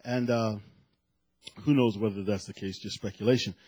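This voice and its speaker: Husky, animated preaching man. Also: lowish voice, normal speed. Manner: animated, chatty storyteller with frequent asides. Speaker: pastor. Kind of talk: storytelling sermon with Bible reading.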